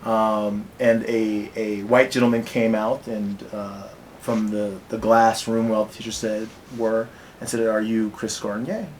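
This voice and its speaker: This teacher, his voice fairly low and his delivery flat, recounts an incident from a hard day directly to camera, stumbling through pauses, fillers and fresh starts. A faint low rumble runs beneath the rough recording.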